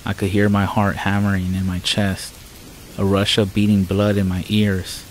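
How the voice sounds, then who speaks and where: A man narrating a first-person horror story in a measured, somber way. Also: lowish voice, monotone, slight background noise, low-quality recording. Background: faint rain sounds.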